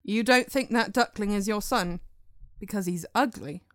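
A woman playing a loud, brash male talk-show host in a comedy sketch. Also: normal speed, smooth, no echo, studio quality, lightly acted. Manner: booming, brash.

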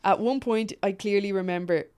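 A woman's voice: medium pitch, brisk, darkish tone, smooth. A woman reading a funny story aloud on a podcast, often laughing, stopping to comment and swearing freely. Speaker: podcast co-host.

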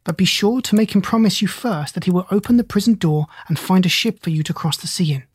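A reader voicing a clever, bossy female parrot who talks in an urgent, hushed way in a storybook. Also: mid-range voice, fast talker, breathy edge, no room sound, studio quality, natural voice. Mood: impatient. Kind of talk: audiobook character reading.

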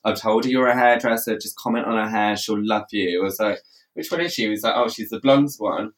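A man co-hosting a podcast, telling a story in casual chat, quick and animated, laughing often and acting out what others said. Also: lowish voice, distant mic. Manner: animated, laughs often, quotes others in rapid reported speech. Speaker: podcast co-host.

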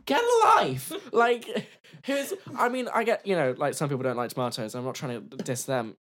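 A woman's voice: low voice, sing-song, normal speed. A woman guesting on a podcast, chatting casually in a rambling, giggly way with many restarts. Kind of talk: casual chat.

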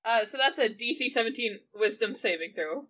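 A woman's voice: a little high, animated, a little fast, fairly bright tone, a little hiss or hum. A woman playing a tabletop role-playing game, narrating her character in a playful, giggly way. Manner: giggly, playful, slips into silly voices. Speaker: player.

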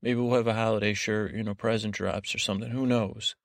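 A man hosting a podcast for falling asleep, rambling along in a low-key way with lots of fillers and restarts. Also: steady tone, no room sound, clean studio sound. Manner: meandering, full of fillers and restarts; unhurried, low-key delivery. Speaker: podcast host. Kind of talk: rambling monologue to help listeners sleep.

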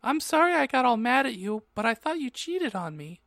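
A shrill, lovesick gothic teenage girl, clingy and overdramatic, as a man puts her on in a squeaky falsetto that sits far above his own voice. The voice is dry and close, with no room sound, in a comedic audio reading. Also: very animated, brisk, a bit bright, no echo, exaggerated voice.

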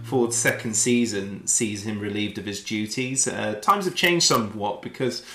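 A man's voice: on the low side, moderate pace, bright, forceful tone, faint music behind. Male podcast host, prepared questions and read links, roomy sound. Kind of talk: podcast interview.

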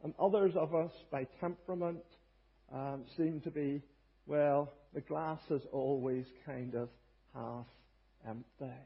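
A man's voice: fairly high pitch, steady tone, unhurried, vocal fry, husky. A man preaching a sermon in an earnest, emphatic way, with small hesitations as he works through a Bible passage. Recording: dull lo-fi podcast recording.

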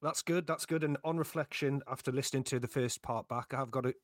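A man hosts a casual football podcast in a relaxed, friendly way. His pitch sits in the middle, and the sound is close and dry with no room echo. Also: brisk. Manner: relaxed, with frequent ums. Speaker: podcast host.

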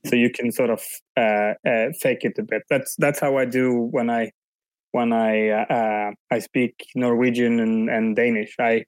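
Halting man with dry sound. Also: mid-range voice, little pitch movement, no room sound, low-quality recording. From Sweden. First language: Swedish. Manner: halting, thoughtful, frequent restarts. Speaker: guest. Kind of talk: casual interview.

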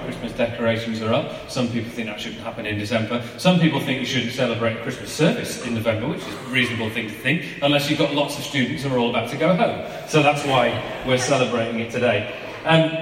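A man's voice: mid-range voice, a little hiss or hum. A man, giving an informal, chatty sermon and asking his listeners rhetorical questions. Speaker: preacher. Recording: echoey hall from far off.

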